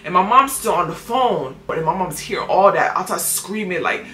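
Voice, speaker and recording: Woman telling an animated story, roomy echo. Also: on the low side, moderate pace. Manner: animated, acts out what others said. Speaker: guest giving testimony. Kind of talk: emotional storytelling. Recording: echoey room with faint noise.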